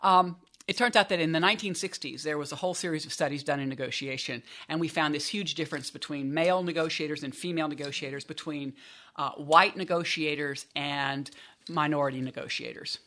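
A woman's voice: sits low, brisk, a bit bright. A woman professor as an interview guest, explaining research conversationally and often restarting her sentences. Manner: explanatory, self-correcting restarts. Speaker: business school professor, guest.

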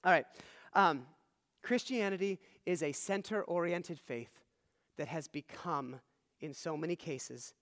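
A man's voice: on the high side, measured pace, fairly bright tone. A man preaching a sermon as pastor, teaching earnestly and checking in with the listeners. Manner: earnest teaching, frequent "all right?" check-ins. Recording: long hall reverb.

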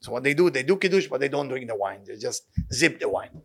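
A man giving an impassioned sermon and telling a story, repeating his key words and speaking loose, halting English. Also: medium pitch, expressive, husky. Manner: loose, halting non-native English grammar. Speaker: rabbi giving weekly inspiration.

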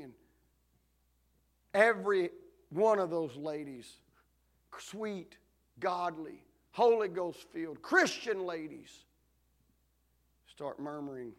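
A male pastor, preaching a sermon as a dramatic story that swings between shouting and hushed tones. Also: high voice, takes it slowly, gravelly, pauses often.

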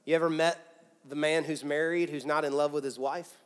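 A man preaches to his congregation in a fairly high voice. He pushes key lines up loud and then drops to near-quiet appeals. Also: fairly even intonation, a little fast. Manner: emphatic preaching with big swings from loud to soft. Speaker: pastor. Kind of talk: sermon. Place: church auditorium with a congregation.

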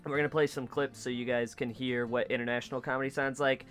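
A young man hosts a laid-back podcast from a basement studio. He rambles in a relaxed, easygoing way, stops to restart his thoughts, and swears freely. There is faint music playing in the background. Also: mid-range voice, fast talker, clear, resonant tone. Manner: loose, swears freely, trails off with fillers. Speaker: podcast host. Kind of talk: casual chat.

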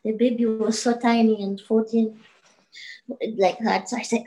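A woman telling her personal testimony, halting and emotional, with frequent restarts. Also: fairly high pitch, little pitch movement, mellow, low-quality recording. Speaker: guest sharing her testimony.

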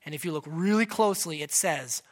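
A man preaching a sermon as pastor, animated and joking, asking his congregation direct questions. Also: fairly high pitch, fairly quick.

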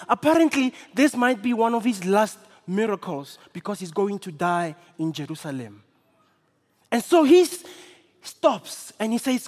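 A man preaching a sermon with impassioned delivery, building to shouts and repeating phrases for effect. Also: extremely high pitch. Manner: impassioned, rising to shouts, dramatic repetition. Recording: long reverb of a large hall.

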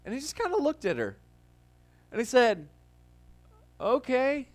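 High-voiced man telling a church story. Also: huge pitch swings, a little slow. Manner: storytelling, conversational with restarts. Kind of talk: casual sermon-style talk.

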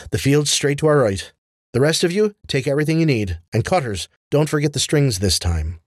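A man doing a gravelly, gruff old woman driver. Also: on the high side, animated, brisk, dry recording, studio quality, pitched above the performer's own voice. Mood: commanding. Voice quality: gravelly grinding voice. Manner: folksy, drawling, sardonic. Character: gruff burly older woman cart driver.

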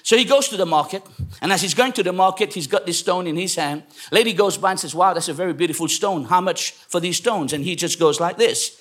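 A man from England preaching a sermon to a congregation, telling a story and then shouting exhortations. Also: high voice, fairly quick. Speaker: pastor. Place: church.

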